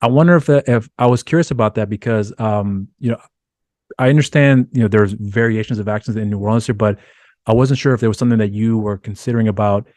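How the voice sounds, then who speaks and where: A man's voice: on the low side, fast, a little mellow, dry recording. A male interviewer asking long, rambling questions in a casual conversation.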